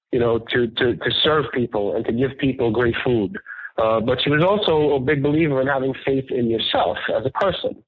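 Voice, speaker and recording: A New man with a husky, slightly breathy voice tells stories as an interview guest, earnest and animated. He comes through a tinny, phone-like line with a dry, close sound. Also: medium pitch, no room sound. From New York, the Bronx. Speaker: restaurant owner, guest. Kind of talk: casual interview storytelling.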